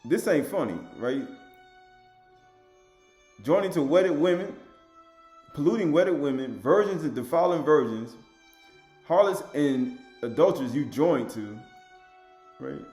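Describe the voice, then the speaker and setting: A man giving an informal sermon, reading scripture in a raised voice and then commenting in a lower, emphatic, repetitive way. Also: expressive, measured pace, pauses often, a little mellow, roomy sound, faint music behind. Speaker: religious lecturer.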